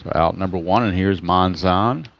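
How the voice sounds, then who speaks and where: A man's voice: lowish voice, normal speed, muffled recording, a little hiss or hum. A man hosting a tabletop baseball game, calling the plays as he rolls dice and reads player cards, stopping now and then to greet viewers and correct his own slips. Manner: greets live chat viewers mid-game.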